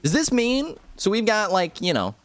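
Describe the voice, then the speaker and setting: Animated, jokey young streamer man. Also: sits high, moderate pace. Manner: animated and jokey, big exclamations. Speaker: livestreamer playing a game. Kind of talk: casual gameplay commentary.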